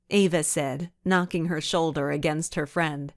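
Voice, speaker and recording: A woman narrating a children's mystery audiobook in an expressive storytelling manner. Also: low voice, measured pace, no echo, clean studio sound. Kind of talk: scripted narration.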